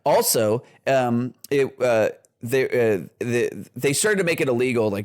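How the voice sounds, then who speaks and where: A man's voice: medium pitch, measured pace. A man co-hosts a casual comedy podcast and rambles through a story. He swears freely, restarts his sentences and laughs often. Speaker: podcast co-host.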